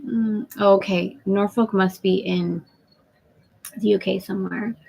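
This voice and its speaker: A woman's voice: mid-range voice, steady tone, measured pace, gravelly, a little mellow, husky, rough recording. A woman hosting a casual live-stream chat from a sailboat at anchor, talking effusively, laughing often and greeting viewers by name. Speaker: host of a live spiritual women's group call.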